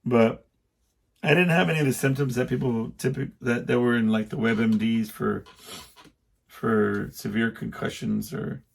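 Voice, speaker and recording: A middle-aged man hosts a podcast, spinning a rambling personal story in casual monologue while self-interrupting and acting out the quotes. He has a creaky, mid-range voice with fairly even intonation and a normal speed.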